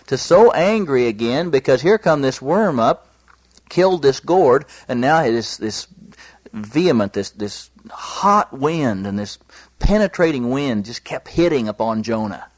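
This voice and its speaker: A man preaching a sermon, earnest, lifting his voice high when he quotes scripture. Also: no room sound. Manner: earnest, rising pitch for emphasis, quotes scripture in a raised voice.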